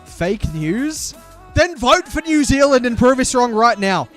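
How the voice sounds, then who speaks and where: Hyped streamer, high voice. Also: male voice, very animated, unhurried, a bit bright, faint music behind. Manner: chatty, hyped, playful banter with chat. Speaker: streamer and caster. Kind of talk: live stream commentary.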